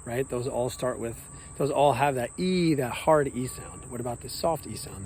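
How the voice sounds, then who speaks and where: An upbeat man leads children through a vocal warm-up, now and then singing long vowel sounds. He talks at a middle pitch, recorded outdoors with faint crickets and hum behind him. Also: brisk, hardly any pauses, poor audio. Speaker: music teacher. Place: outdoors at a nature center.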